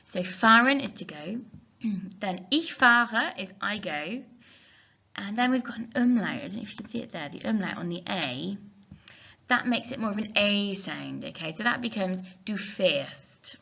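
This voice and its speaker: A woman's voice: mid-range voice, lively intonation, moderate pace, vocal fry, pushed and bright. A woman teacher, explaining a recorded lesson step by step, spelling words out and thinking aloud on a dull, lo-fi recording. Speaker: German teacher.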